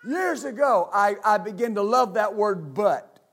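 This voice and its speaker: Pastor guy preaching at church, kinda high voice, lots of uh and amen, starts over a lot. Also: lively intonation, a bit bright. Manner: halting restarts with frequent amens and uh; asks the congregation for responses. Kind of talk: sermon. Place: church service with congregation.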